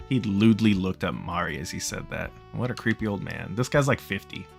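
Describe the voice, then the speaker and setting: A man's voice: on the low side, lively intonation, brisk, creaky, hardly any pauses, soft background music. A man reading a visual novel aloud in a casual, joking way. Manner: casual, joking, laughs a lot. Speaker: streamer reading a game.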